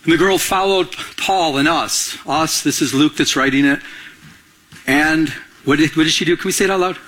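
Pastor guy giving a sermon, high bright voice, kinda husky, keeps asking the crowd stuff. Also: normal speed. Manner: animated, asks the audience questions, acts out quotes.

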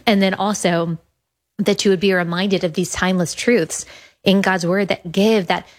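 A woman's voice: mid-range voice, fairly even intonation, moderate pace. A woman in her thirties hosting a podcast, talking earnestly and enthusiastically, repeating words for emphasis. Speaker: podcast host. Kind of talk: casual monologue about her app.

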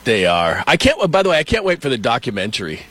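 A middle-aged man hosting casual sports talk who tells stories in an animated way. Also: medium pitch, fast talker, no room sound. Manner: storytelling, animated.

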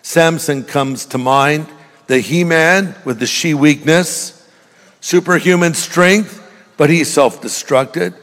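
Older male pastor with a joking delivery, a touch high, preaching in a reverberant church hall. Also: slow pace, a bit bright. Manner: humorous storytelling, jokey asides to the congregation. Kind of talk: sermon.

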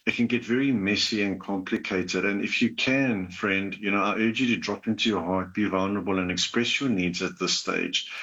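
A man giving gentle, counselling relationship advice to a caller on a talk show. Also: on the low side, highs cut off.

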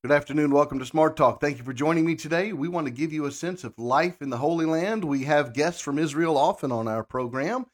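Male talk radio host with a slightly high voice, measured and friendly. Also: faint music behind. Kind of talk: radio talk show hosting.

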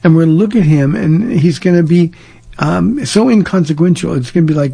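Here the pastor from Southern California sounds a little high, animated and a little fast, with vocal fry, a mellow quality and a breathy edge. He fields listener questions in a plain-spoken, direct manner during casual call-in advice talk and shares stories from his own life.

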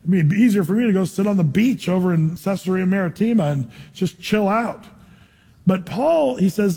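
A male pastor preaching a sermon in a conversational way, asking rhetorical questions and tossing in animated asides. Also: high voice, normal speed, breathy edge. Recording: long reverb in a large hall.

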